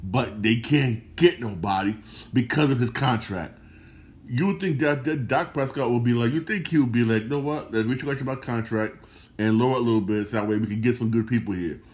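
A man talks through sports news on his own show, leaning on slang and saying his points two or three times over. His voice sits at an ordinary middle pitch, and his delivery stays loose and unscripted. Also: a little fast. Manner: repetitive, emphatic, slangy, restarts phrases. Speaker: sports podcast host. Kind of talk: casual solo sports commentary.

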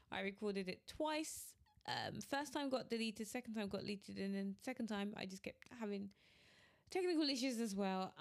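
A woman's voice: medium pitch, vocal fry. A woman in her thirties hosting her own podcast, talking candidly and laughing between phrases while she admits she is irritated. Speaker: podcast host. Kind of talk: casual solo podcast talk.

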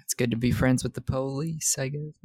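A man's voice: mid-range voice, fairly bright tone, breathy edge. A man in his twenties recapping a film on a podcast in casual, profane chat, laughing often. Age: 20s.

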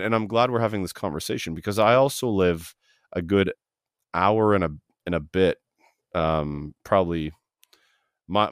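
This Canadian man hosts a trade podcast from a basement studio at home, chatting through a casual interview and frequently starting his sentences over as he rambles. His low voice comes through dry and studio-quality.

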